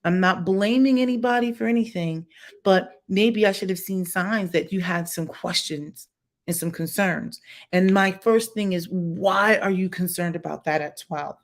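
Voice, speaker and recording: Talking directly to her livestream viewers over a home setup, a woman offers blunt, opinionated reactions. Her fairly low voice moves at a measured pace, yet her delivery is emphatic and lively.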